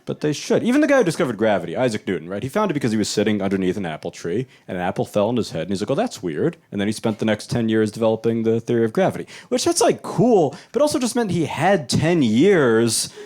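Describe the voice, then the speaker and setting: Talking fast with hardly any pauses, a young adult man in a medium pitch does live stand-up in a small club. He keeps it loose and conversational, jumping into animated voices for whoever he quotes.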